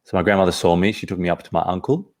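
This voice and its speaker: A man, a podcast guest, telling a personal story in an earnest, halting way, often restarting his phrases. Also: low voice, steady tone, a little mellow.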